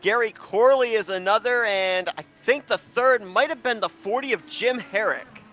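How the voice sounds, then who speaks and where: Play-by-play guy calling laps and cautions, high bright voice, brisk. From New York. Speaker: play-by-play commentator. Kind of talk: play-by-play commentary and read ads.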